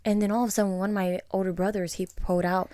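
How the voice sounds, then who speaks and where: A young woman co-hosting a podcast, talking in a soft, reflective way with many fillers. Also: mid-range voice, little pitch movement, racing, dry recording, studio quality. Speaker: podcast co-host. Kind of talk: casual conversation.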